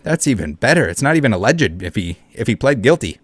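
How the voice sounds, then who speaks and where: In this casual commentary clip, a male YouTuber reads viewer comments and a news story aloud, mocking them sarcastically and cursing often. He speaks quickly in a sing-song, husky mid-range voice, and the recording is dry.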